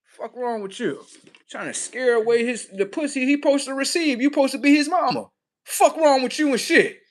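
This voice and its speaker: A man doing a shrill, scolding mother. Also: moderate pace. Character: mouthy, protective adult mother.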